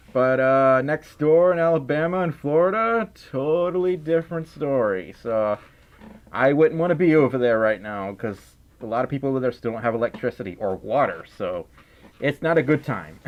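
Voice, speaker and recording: A man's voice: mid-range voice, highs cut off. Giggly tired man with a Southern drawl. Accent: Southern US, Mississippi. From Mississippi. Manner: silly and giggly, often trails off and restarts. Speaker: livestream host. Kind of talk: casual livestream chat, reading donations.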